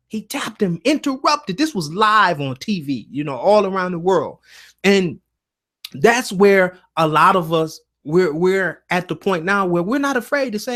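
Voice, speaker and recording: A man's voice: high-pitched, very animated, unhurried, fairly bright tone. Earnest rambling man hosting a live stream. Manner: rambling storytelling with many restarts and fillers; emotional, earnest. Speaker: live-stream show host. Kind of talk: casual live-stream talk.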